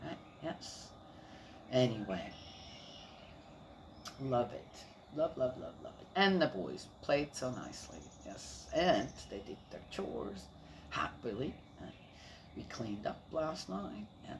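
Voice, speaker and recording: Older woman, grandmother, casual rambling chat, animated pitch, background noise. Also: slow. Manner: rambling, warm storytelling with laughs and repeated fillers. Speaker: grandmother sharing family life.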